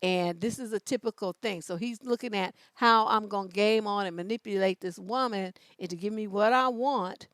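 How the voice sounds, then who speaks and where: A woman's voice: mid-range voice, dry recording, clean studio sound. A woman hosting a live-stream show as a relationship coach, talking bluntly with plenty of profanity and sass, stretching out words for emphasis. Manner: animated, drawn-out emphasis.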